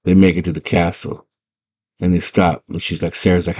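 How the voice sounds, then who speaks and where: A young man with a very low voice excitedly retells a movie, piling on slang and side comments as he goes. His delivery is loose and enthusiastic, the style of a casual chat with a friend. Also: normal speed. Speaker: movie fan retelling a film.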